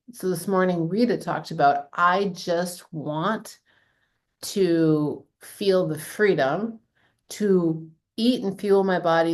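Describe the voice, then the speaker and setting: A woman coaching a group in a casual way, swearing freely and filling her talk with "like". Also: lowish voice. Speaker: fitness coach leading a group call.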